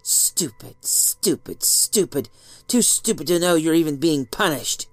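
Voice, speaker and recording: A man's voice: expressive, unhurried, dry recording, lightly acted. Man doing a hissing, cold stepmother. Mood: angry whisper. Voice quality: shrill under the whisper. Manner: hissing angry whisper. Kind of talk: storybook reading.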